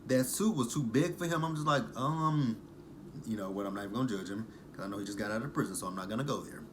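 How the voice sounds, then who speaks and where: A man's voice: medium pitch, fast, slight background noise. A man with a mid-range voice talks casually into the camera, sarcastic and loose. He swears now and then and keeps a chatty, mocking tone as he recaps the show. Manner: chatty, sarcastic, uses profanity. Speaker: reality TV recap host. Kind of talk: casual reaction vlog.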